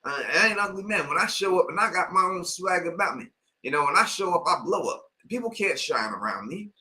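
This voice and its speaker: A man's voice: high-pitched, animated, fairly quick, sharp tone, poor audio. A man with a New York accent hosting a casual live-stream Q&A, talking emphatically and insistently. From Queens, New York. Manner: emphatic, insistent, repeats "you know what I mean". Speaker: YouTube channel host.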